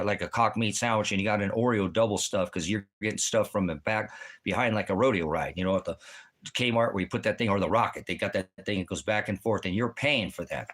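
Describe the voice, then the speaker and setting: A man's voice: fairly low pitch, fairly bright tone. A man delivering a rambling, agitated monologue to camera, swearing heavily and repeating himself. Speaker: vlogger. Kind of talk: profane ranting monologue.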